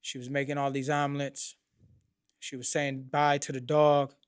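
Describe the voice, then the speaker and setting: A man hosting a podcast, telling a personal story in blunt, profane street slang, his voice rising in pitch and volume when he acts out remembered moments. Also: little pitch movement, moderate pace, smooth, no echo, clean studio sound. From Oakland, California. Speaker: podcast host.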